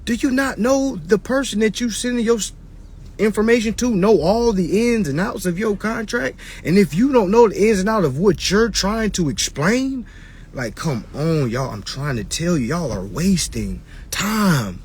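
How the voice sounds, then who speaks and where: A man's voice: fairly high pitch, animated, normal speed, breathy edge. A man lecturing his live-stream followers in casual, preachy talk, repeating his points and mocking people in put-on voices. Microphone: phone on a live stream.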